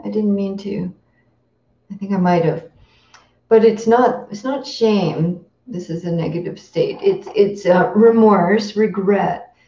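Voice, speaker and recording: Woman meditation teacher, unhurried dharma talk, mellow tone, roomy lo-fi recording from a distance. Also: mid-range voice. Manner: slow, reflective, pausing with fillers and throat-clearing.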